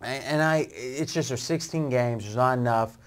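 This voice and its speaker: A man's voice: mid-range voice, moderate pace. A man hosting a sports betting show, pushing back on his guest and arguing his point.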